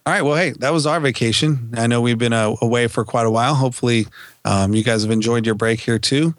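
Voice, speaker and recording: A man in casual storytelling mode, animated and quick to laugh, who acts out his family's lines as he goes. His voice sits at an ordinary middle pitch. The sound is dry and close, with no room echo. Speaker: podcast co-host.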